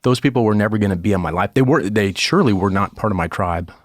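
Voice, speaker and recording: A man's voice: fairly low pitch, fast, no echo, studio quality. A man hosting a podcast, asking long, rambling questions full of "you know". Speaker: podcast host. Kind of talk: podcast interview.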